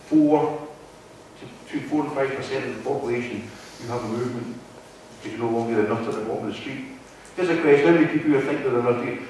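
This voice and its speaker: A man's voice: medium pitch, quick pace, a little mellow, slight background noise. A man with a Wigan accent gives a talk to a live audience, his voice echoing heavily through a hall. He sounds distant from the recorder. He is conversational and keeps checking in with the room. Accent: Wigan, Lancashire. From North West England. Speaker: guest speaker. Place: meeting hall. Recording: very echoey hall from far off.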